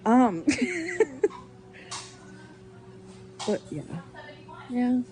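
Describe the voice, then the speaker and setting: A woman's voice: high voice, very animated, very slow, darkish tone, a little hiss or hum, poor audio. A woman chatting casually on a live stream, telling stories, laughing often and reading chat messages aloud.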